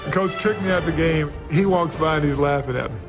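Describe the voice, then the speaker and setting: A man's voice: a little high, a little fast, over music. A man, a former basketball player, recalling a rookie-year story with amusement.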